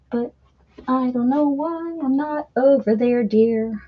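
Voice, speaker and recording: A woman's voice: fairly high pitch, slow pace, mellow, muffled recording. A woman hosting a casual crafting livestream, playful and chatty, talking to her viewers as she works. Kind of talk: casual live crafting chat.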